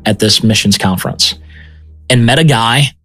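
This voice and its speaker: A man's voice: mid-range voice, normal speed. Guy telling his missions testimony, chatty, keeps saying man and okay, music under it. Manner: animated, conversational, peppered with "man" and "okay?". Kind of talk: personal testimony storytelling.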